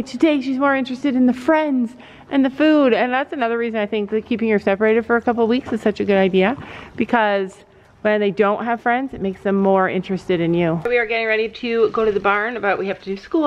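A middle-aged woman chatting casually in a vlog, mother and horse owner, switching to a high baby voice for her pets. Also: fast talker, lo-fi sound. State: out of breath.

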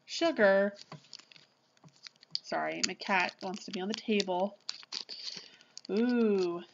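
A woman vlogger chatting casually through an unboxing, gushing and excitable, often apologizing as she shows things. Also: medium pitch, lo-fi sound, a little hiss or hum.

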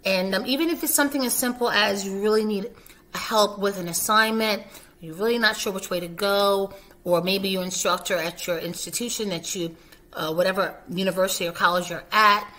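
Bright-voiced chatty woman nurse educator. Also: mid-range voice, fairly quick. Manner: warm, chatty, emotional, reassuring. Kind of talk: casual vlog talk to camera.

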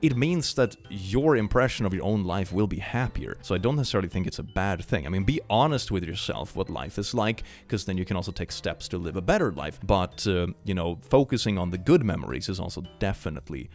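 Young man reacting to clips, with an expressive, swinging pitch and a wry, chatty delivery. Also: a little fast, hardly any pauses, faint music behind. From Sweden. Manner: chatty, wry, laughs often. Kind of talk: casual commentary.

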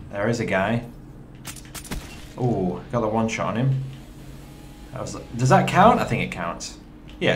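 Young guy commentating his game, voice jumping up and down a lot, bit of faint hiss behind. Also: fairly low pitch. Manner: chatty, excitable, talks to viewers. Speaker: gaming commentator. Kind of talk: gameplay commentary.

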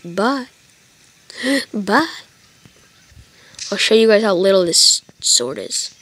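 A tired let's play gamer rambles casually to viewers as she plays a video game, joking along the way. Her mid-range voice swings widely in pitch, moves slowly, and has a fairly bright tone with a breathy edge.

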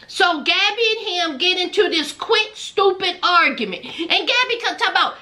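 Sassy high-voiced woman dishing gossip. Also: expressive, moderate pace, sharp tone. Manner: sassy, gossipy, calls listeners "child" and "honey". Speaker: reality show recap host. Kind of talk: casual sassy show recap.

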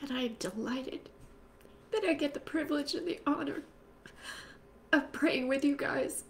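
A woman's voice: high voice, unhurried, slight background noise. Fervent woman leading prayer. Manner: swings from loud fervent calls to soft whispered prayer. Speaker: prayer group leader. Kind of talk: spoken prayer and encouragement.

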